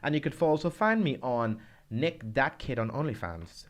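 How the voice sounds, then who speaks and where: A man co-hosting a casual podcast, animated and playful, laughing often and chiming in with agreement. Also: mid-range voice, normal speed. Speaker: podcast co-host.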